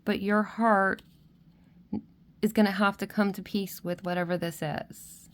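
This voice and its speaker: A woman's voice: medium pitch, steady tone, measured pace. Tearful woman giving a tarot reading. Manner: gentle, emotional, many restarts and "okay?" check-ins. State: tearful, crying at times. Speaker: tarot reader. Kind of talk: spiritual pick-a-card reading, speaking to viewers.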